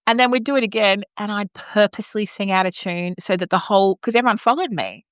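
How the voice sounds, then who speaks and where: A woman's voice: mid-range voice, fast talker, fairly bright tone, clear, resonant tone, no room sound, studio quality. Playful Australian woman, casual chat. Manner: playful, teasing and a little cheeky. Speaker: opera singer and podcast co-host.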